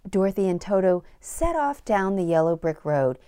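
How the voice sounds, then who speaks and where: A middle-aged woman narrating a children's story in a gentle, sing-song read-aloud manner. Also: mid-range voice, big pitch swings, normal speed, clean tone. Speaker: narrator and producer.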